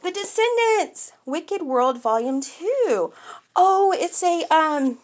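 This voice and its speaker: Gushing, high-voiced woman unboxing toys. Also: a little slow. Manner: gushing, excitable, squeals and gasps. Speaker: toy collector vlogger. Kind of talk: casual unboxing chat.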